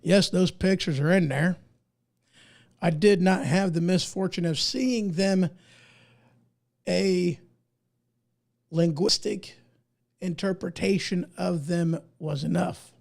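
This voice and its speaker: A man's voice: high-pitched, fairly even intonation, slow pace, vocal fry, pauses often, a little mellow. A man from the United States who is losing his voice, giving emphatic, indignant opinion commentary as a podcast host and reading articles aloud in a folksy way.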